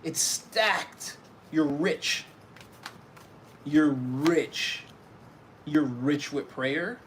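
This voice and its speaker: A man's voice: fairly high pitch, extremely slow, a bit bright, slight background noise. A man giving a casual tarot reading, talking animatedly and acting out little scenes, often breaking into laughter. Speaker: tarot reader.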